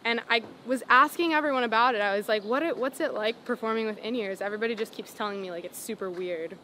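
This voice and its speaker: A woman's voice: a little high, fast, pushed and bright. A singer in her twenties telling a story in a casual interview outdoors, with lots of "like" fillers and frequent laughs. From Los Angeles. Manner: chatty, many "like" fillers, laughs often. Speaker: singer-songwriter guest. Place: outdoors on a city sidewalk. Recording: street noise behind.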